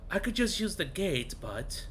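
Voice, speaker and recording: A man's voice: mid-range voice, animated, normal speed, a bit bright, a little hiss or hum. A man streaming a video game, musing aloud as he reads and translates in-game text and greets viewers in chat. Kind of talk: live gaming commentary.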